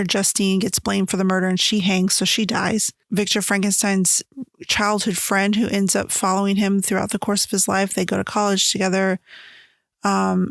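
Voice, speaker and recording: A woman's voice: medium pitch, gravelly, dry recording, clean studio sound. A woman hosting a casual solo podcast, chatting animatedly and acting out quoted lines in her retellings. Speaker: podcast host. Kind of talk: casual solo book-versus-movie chat.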